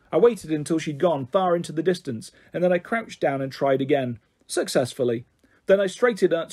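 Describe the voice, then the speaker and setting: A man reading a children's novel aloud in expressive storytelling narration. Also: fairly high pitch.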